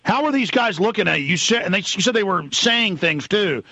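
A radio talk show host, ranting furiously and often shouting, live on air. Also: male voice, high-pitched, lively intonation, brisk, vocal fry, dry recording, highs cut off.

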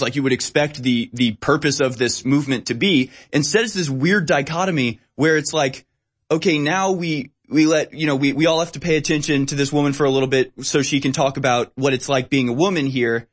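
A man's voice: a little high, husky. A man in casual conversation who rambles and acts out quotes in mocking voices.

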